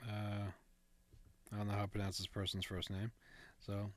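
A man's voice: lowish voice, monotone, normal speed, a crowd in the background. A man co-hosting a casual chat, reading out ghost stories from notes in a laid-back way, with fillers and asides. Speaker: podcast co-host.

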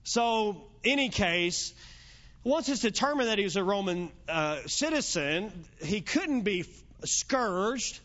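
A man with a notably high voice preaches an evening sermon, chatty and fond of jokes. He retells the story in his own easygoing words. The recording is dull and lo-fi, as if taped in a church. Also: expressive, takes it slowly, fairly bright tone. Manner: conversational, joking storyteller.

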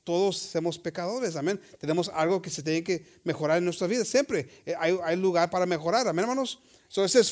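A man preaching a bilingual sermon, reading scripture slowly and acting out the voices of his listeners. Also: high-pitched. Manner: switches between Spanish and English, reads scripture slowly; acts out congregants' voices, animated. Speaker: pastor.

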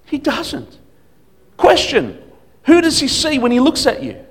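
A man preaching as a guest speaker at a church service, emphatic, swinging between loud declarations and quiet asides. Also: very high-pitched, wildly swooping pitch, moderate pace. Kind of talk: sermon.

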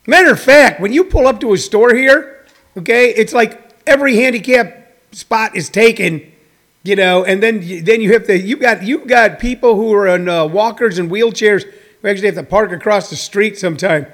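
A stand-up comedian man talks off the cuff to people watching his livestream. His voice sits high for a man, and he rambles through many fillers and restarts. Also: normal speed, fairly bright tone. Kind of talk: casual livestream monologue to viewers.

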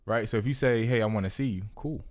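A young man with a fairly low voice, chatting casually as a podcast co-host. He tells stories with energy and slips into little impressions of the people he quotes. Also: fast. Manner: animated storytelling, acting out quoted voices. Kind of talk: casual chat.

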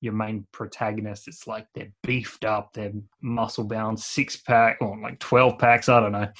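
A man's voice: fairly low pitch, little pitch movement, unhurried, fairly bright tone. Easygoing man, rambling. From Australia. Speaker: podcast co-host. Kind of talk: casual film-review chat.

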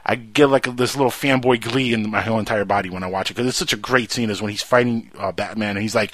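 Man, podcast host, enthusiastic movie chat, bright voice, dry sound. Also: steady tone, fast, hardly any pauses, no room sound. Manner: enthusiastic, acts out film quotes with rising pitch. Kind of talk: casual movie talk with quoted lines.

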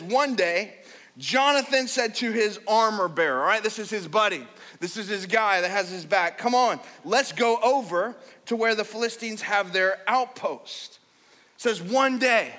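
A male pastor preaches with lively, conversational energy, dropping in casual fillers as he goes. His voice is high and bright. Long reverb from a large church sanctuary trails behind him. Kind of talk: sermon.

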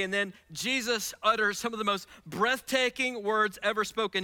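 A man's voice: high-pitched, normal speed, few pauses, bright, forceful tone, clear, resonant tone. A man preaching a sermon to his congregation, passionate and repeating phrases for emphasis. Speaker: pastor.

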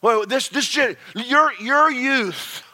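A man preaching a sermon, swinging from low murmurs to shouted passages. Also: lively intonation, slow pace. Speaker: pastor.

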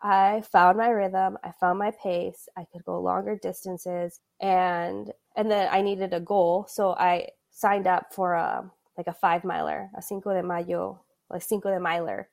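A woman's voice: lowish voice, level tone, a little slow, creaky, hardly any pauses, darkish tone. Chatty woman in her thirties. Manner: chatty, frequent "like" fillers, laughs mid-sentence. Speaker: podcast guest. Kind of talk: casual conversational storytelling.

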